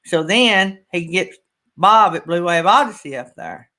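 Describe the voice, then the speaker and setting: Middle-aged man, host of a folksy morning live chat, rambling and emotional, bright lifted voice. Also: high voice, expressive, measured pace. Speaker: channel host. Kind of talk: casual livestream chat.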